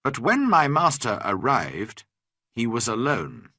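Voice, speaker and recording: Male audiobook narrator, husky bright voice, lively pitch, slow pace, dry recording. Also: no room sound. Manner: slow, clear, expressive reading. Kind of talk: scripted storybook narration for learners.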